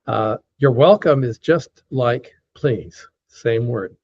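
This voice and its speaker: Man, teacher, husky voice, patient slow repetition, dull lo-fi call audio. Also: mid-range voice, darkish tone. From United States. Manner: patient, repeats words slowly with fillers. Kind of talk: lecture teaching pronunciation.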